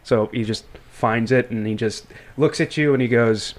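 A man's voice: mid-range voice, normal speed, few pauses. A man playing a tabletop game, describing his character's actions and speaking for him in a grave tone. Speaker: player voicing his character. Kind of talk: tabletop role-play.

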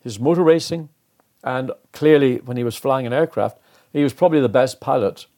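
A man's voice: medium pitch, brisk. An older man, a former racing driver, telling anecdotes in an interview and acting out the dialogue. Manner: animated, acts out quoted dialogue. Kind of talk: anecdotal storytelling.

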